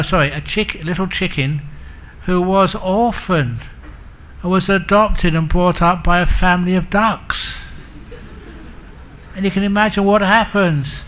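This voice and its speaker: A man's voice: sits high, fairly bright tone. A man giving a humorous Buddhist dharma talk as a monk teacher, telling stories and acting out the characters. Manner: humorous, self-mocking.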